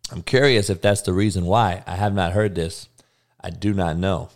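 A man's voice: deep voice, fairly even intonation, moderate pace. A young man hosting a live sports podcast, talking bluntly and rambling, with lots of swearing. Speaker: podcast host.

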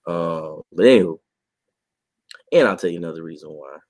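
A man co-hosting a podcast and reporting on sports, talking in a casual, animated way and laughing often. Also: low voice, moderate pace, no echo. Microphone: podcast mic.

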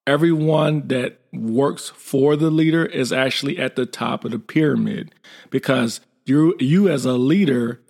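A gravelly-voiced middle-aged man shares an army story in a blunt, informal way. He keeps the telling lively and slips into the voices of the people in it. His pitch sits in a middling range. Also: measured pace. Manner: lively, acts out quoted dialogue. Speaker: military veteran guest. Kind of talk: casual storytelling.

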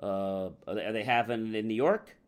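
Brief: pushy prying salesman, quick and eager, voiced by a man in a role-play. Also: on the low side, clear, resonant tone, close to an everyday voice. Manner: chatty, eager, nosy.

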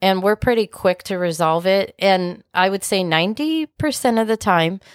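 A woman's voice: medium pitch, normal speed, clear, resonant tone, no echo, clean studio sound. A woman co-hosting a marriage podcast, chatting casually with playful, teasing interjections. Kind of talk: casual conversational chat.

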